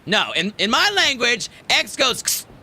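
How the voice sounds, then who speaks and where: A man's voice: on the high side, sing-song, moderate pace, pushed and bright, a little hiss or hum. An American man streaming a space game, chatting casually and joking with heavy swearing. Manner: profane, joking banter. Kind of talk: casual gameplay chat.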